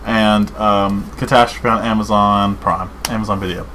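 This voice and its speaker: A man co-hosting a podcast in casual chat, rambling and excited, saying dude and man a lot. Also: on the low side, normal speed, a little hiss or hum, rough recording. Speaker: podcast co-host.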